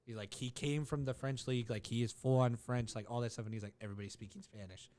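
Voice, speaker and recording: A man co-hosts a relaxed podcast and talks in a loose, rambling way. He strings thoughts together with many fillers and restarts, and his voice sits at an ordinary middle pitch. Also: fast talker. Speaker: podcast co-host. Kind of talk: casual chat.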